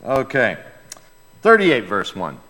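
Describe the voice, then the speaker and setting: A male pastor preaching a sermon in a church, emphatic and dramatic, dropping to quiet asides and then rising to loud outbursts. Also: medium pitch, huge pitch swings, takes it slowly. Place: church sanctuary with a sound booth. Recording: long reverb in a large hall.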